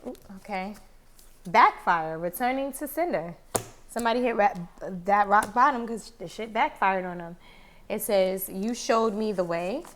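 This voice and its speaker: A woman's voice: medium pitch, expressive, a little slow, fairly bright tone, slight background noise. A woman giving a casual, chatty tarot reading, repeating herself and now and then exclaiming or swearing. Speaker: tarot card reader.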